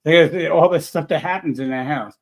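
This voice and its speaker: A man telling a story in a casual chat, rambling and animated, full of restarts. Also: fairly high pitch, fairly quick. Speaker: paranormal investigator guest.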